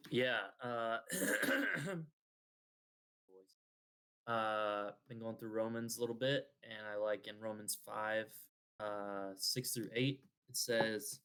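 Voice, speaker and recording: A young man shares thoughts in a casual faith talk. He speaks haltingly, pausing often as he gathers his words. His voice is on the low side. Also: pushed and bright, smooth. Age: young adult.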